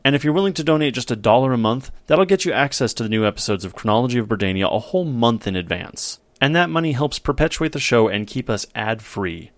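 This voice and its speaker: Man, podcast host, wry, self-deprecating, animated pitch, dry close sound. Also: quick pace, few pauses, no echo. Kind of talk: casual podcast chat.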